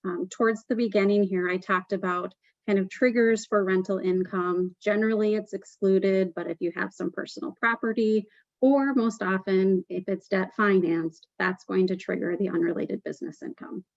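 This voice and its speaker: A woman's voice: mid-range voice, fairly even intonation, moderate pace, no room sound, muffled recording. Woman giving a webinar talk. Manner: explanatory, frequent "um" fillers. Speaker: webinar presenter on tax. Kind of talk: webinar presentation.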